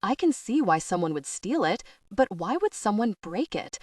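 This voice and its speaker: A woman voicing a curious young heroine who speaks in hushed, puzzled tones, in an audiobook. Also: medium pitch, very animated, normal speed, dry recording, studio quality, recorded from a distance.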